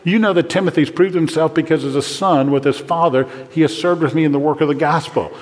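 An older man preaching a sermon to fathers, earnest and dropping to a hushed voice when praying. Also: fairly high pitch, fairly even intonation, a little fast, in a large hall. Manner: earnest, drops to a hushed voice for prayers. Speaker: pastor.

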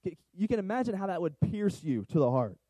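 Warm-voiced man preaching conversationally. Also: high-pitched, big pitch swings, a little fast, no echo, rough recording. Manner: conversational, asks the crowd questions. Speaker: pastor. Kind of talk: sermon.

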